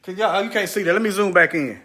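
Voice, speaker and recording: A man's voice: high voice, quick pace, sharp tone, reverberant. A man giving preachy commentary over a screen share. He talks straight to his viewers, repeats phrases for emphasis, and mutters asides while he searches.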